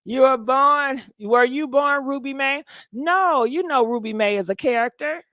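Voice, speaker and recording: A woman's voice: high-pitched, a little slow, hardly any pauses, fairly bright tone, no echo, clean studio sound. A woman hosting a live call-in show, talking in a blunt, slangy, casual way. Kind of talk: casual live-stream chat.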